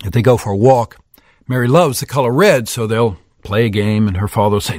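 A man telling a children's story aloud, lively, with sound effects and cheers. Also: on the low side, a little fast, no room sound, clean studio sound. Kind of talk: animated oral storytelling.

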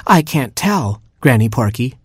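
A plucky little girl gerbil, voiced by a man, earnest and worried as she tries to save her brother. The voice is lifted well above his own, still husky at the edges. Close, dry storybook recording. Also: mid-range voice, big pitch swings, no room sound, voice pushed up. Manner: earnest, quick, pleading.

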